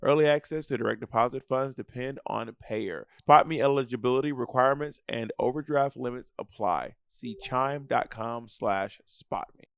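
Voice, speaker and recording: A man's voice: medium pitch, moderate pace, creaky, few pauses, fairly bright tone, clean tone, no room sound, studio quality. A man in his thirties co-hosting a podcast, reading sponsor ads in a playful, sassy, teasing way. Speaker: podcast co-host.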